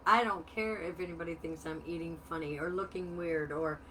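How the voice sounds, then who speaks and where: A woman's voice: on the low side, steady tone, brisk, fairly bright tone, distant mic, a little hiss or hum. A middle-aged woman hosting a casual chat. She talks bluntly, jokes about herself and swears freely. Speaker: host, life coach.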